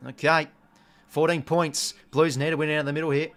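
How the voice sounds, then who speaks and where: A young Australian man hosting a live watch-along, calling the match casually with excitable bursts and the odd mild swear word. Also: a little high, brisk.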